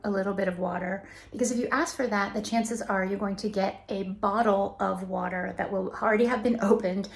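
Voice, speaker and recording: A woman vlogger giving friendly travel tips, chatting casually and slowing down to spell out short phrases. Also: medium pitch, vocal fry. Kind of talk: casual talk to camera.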